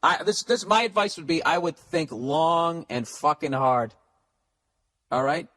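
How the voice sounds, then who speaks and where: A podcast host rants out advice, blunt and swearing constantly. His voice is fairly high and fairly bright, with lively intonation and a measured pace.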